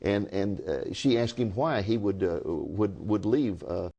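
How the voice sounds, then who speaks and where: A man hosts a TV interview show, turning to the audience with a folksy "folks" and retelling stories. His voice is low and warm, and he talks in an easy, conversational way. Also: unhurried, gravelly, husky. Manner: folksy, addresses viewers directly. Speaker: TV host. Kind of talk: interviewing and storytelling to viewers.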